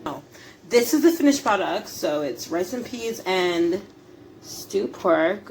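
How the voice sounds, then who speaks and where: A woman's voice: medium pitch, lively intonation, slow, slight background noise. A young woman vlogging at home while cooking, chatty and laughing, swearing casually. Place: home kitchen.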